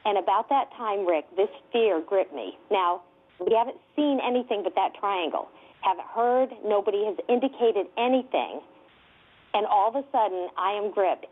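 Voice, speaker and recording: A woman investigator telling a story with excitement, laughing often and using many fillers. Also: mid-range voice, slightly rough. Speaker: guest UFO investigator. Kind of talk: animated storytelling. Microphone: telephone. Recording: tinny phone line.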